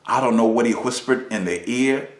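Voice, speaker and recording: Man, minister preaching a lesson, emphatic, rhetorical questions, mid-pitched voice, roomy echo. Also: moderate pace.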